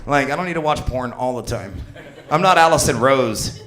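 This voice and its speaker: A fifty-year-old man performing a crude, rambling stand-up set on a comedy club stage, shouting his punchlines. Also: mid-range voice, lively intonation, normal speed. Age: 50s.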